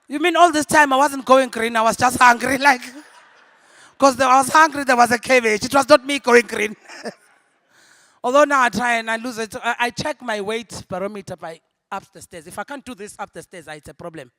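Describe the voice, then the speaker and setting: Young South African woman, Zulu first language, stand-up comic; lively and quick to laugh, loud punchlines and quiet asides, dry close sound. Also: fairly high pitch, no echo. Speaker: stand-up comedian. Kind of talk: stand-up comedy set. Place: convention ballroom.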